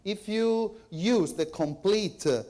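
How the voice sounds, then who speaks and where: A man's voice: high voice, warm tone. Hesitant man giving a lecture. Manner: halting, hesitant delivery. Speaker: conference speaker. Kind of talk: academic lecture. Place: lecture hall.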